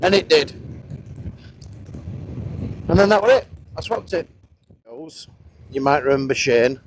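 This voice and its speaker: Riding a moving motorcycle, this Northern English man in his thirties swears and rambles through stories in casual motovlog chat. He sounds a little high, with lively intonation, an unhurried delivery and long pauses, captured on a helmet-mounted action cam mic amid wind and engine noise.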